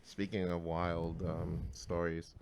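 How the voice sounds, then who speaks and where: A man co-hosting a podcast, telling a story in casual, profane, animated talk that swings between loud and mumbled. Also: low-pitched, slow pace, smooth, no echo. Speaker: podcast co-host.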